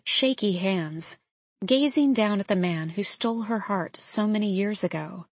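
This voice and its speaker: This scripted, first-person audiobook is read by a woman narrator. She speaks at a medium pitch. The sound is dry.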